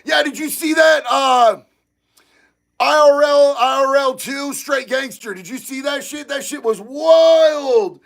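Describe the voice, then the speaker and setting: A man with a very high, gravelly voice hosts a loose livestream chat. He reads out viewer comments and swears freely. When something excites him he gets loud and shouty. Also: takes it slowly. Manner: excitable, profane, bursts into shouting. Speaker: livestream host reading chat.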